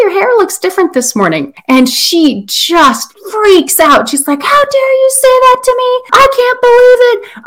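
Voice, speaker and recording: A woman's voice: medium pitch, fairly bright tone. Woman, interview guest, mid-range voice, chatty and self-correcting. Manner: chatty, self-correcting, laughs at her own slips. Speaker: parenting expert guest. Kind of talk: conversational explanation.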